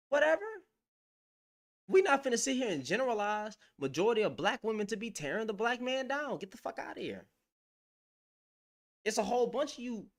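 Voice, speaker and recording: Woman, sassy online commentator who swings her pitch a lot and mocks as she rants. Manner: sassy, mocking, laughing, animated. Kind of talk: casual ranting commentary.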